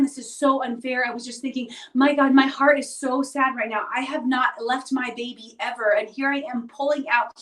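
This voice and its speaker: Woman, thirties, confiding vlog monologue; higher voice, recorded from a distance in an echoey room. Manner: earnest, confiding, often asks "right?". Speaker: vlogger. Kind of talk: reflective personal monologue. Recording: roomy echo, distant mic.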